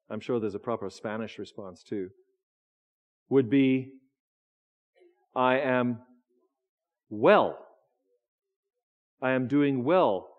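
A man's voice: medium pitch, muffled recording. A man preaching a sermon in a church, talking in a conversational way, often restarting his words and teasing the congregation. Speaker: pastor. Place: church sanctuary.

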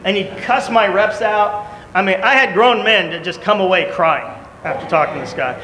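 A man preaching a sermon, telling a story with lively shifts and loud outbursts when he quotes people. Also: high-pitched, normal speed. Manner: animated storytelling, shouting in acted quotes. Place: church. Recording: echoey church hall, faint room noise.

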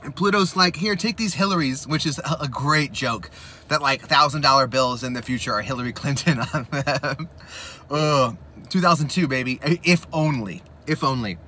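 Guy talking fast about an old movie while eating hot chips, mouth on fire, bright forceful voice, faint noise behind. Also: mid-range voice. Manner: rambling, animated, slips into excited impressions. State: mouth burning from spicy chips. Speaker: mukbang host.

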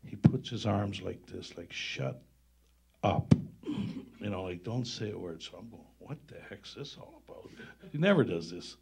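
A man's voice: sits low, expressive, normal speed, creaky, a little mellow, breathy edge. A man, a former hockey player, telling stories on stage at a public event and laughing through the punchlines. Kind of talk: animated storytelling at a live event.

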